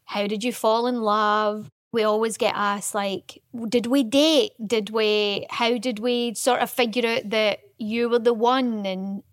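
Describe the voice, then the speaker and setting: A woman's voice: fairly high pitch, steady tone, a little slow, hardly any pauses, dry recording, clean studio sound. A woman co-hosting a podcast, chatting casually in a teasing, playful way. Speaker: podcast co-host. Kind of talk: casual chat.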